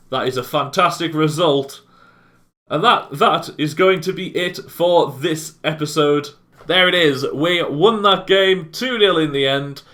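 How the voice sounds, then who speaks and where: A young man giving casual, excitable commentary over a football video game. His voice sits a little high and sounds bright and forceful. He talks easily through the quiet spells and jumps in volume whenever a shot goes in. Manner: excitable, bursts loud at goals. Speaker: gaming YouTuber.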